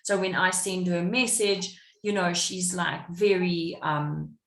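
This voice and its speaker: A woman's voice: fairly low pitch, measured pace, vocal fry, roomy sound. A woman guest on a podcast, telling a personal story in casual chat and acting out what other people said. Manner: animated, acts out what others said. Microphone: podcast microphone.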